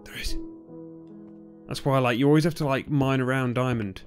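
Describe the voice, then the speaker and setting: A young man giving nervous, excitable commentary on a game he is playing, often bursting into shouts. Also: medium pitch, normal speed, faint music behind. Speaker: gaming YouTuber. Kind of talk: Let's Play commentary.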